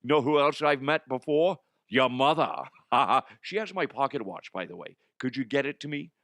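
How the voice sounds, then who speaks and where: A man's voice: mid-range voice, normal speed, dry recording, studio quality. A man doing a crude, eager male co-host. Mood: sly. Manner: crude, excitable.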